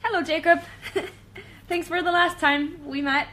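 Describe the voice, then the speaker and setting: A woman singer co-hosting a casual livestream, upbeat and encouraging, quick to laugh. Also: extremely high pitch, fairly even intonation, pushed and bright. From Iceland. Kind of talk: casual chat.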